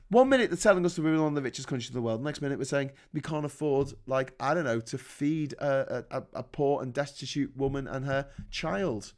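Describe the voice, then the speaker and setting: A man's voice: mid-range voice, fairly quick, hardly any pauses, darkish tone. A man from the North of England, ranting casually and sarcastically on a live stream, swearing a lot and rambling.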